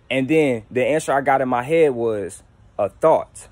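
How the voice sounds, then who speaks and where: A man's voice: mid-range voice, moderate pace, darkish tone, no echo. Slangy young man talking candidly. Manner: slangy, candid, rambling with restarts. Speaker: YouTuber. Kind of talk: casual spiritual monologue to camera. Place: at home.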